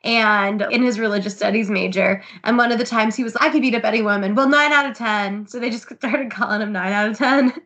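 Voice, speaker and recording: A woman's voice: fairly high pitch, brisk, hardly any pauses, fairly bright tone. A woman co-hosting a podcast, telling stories in casual chat. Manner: chatty storyteller, laughs while recounting. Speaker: podcast co-host.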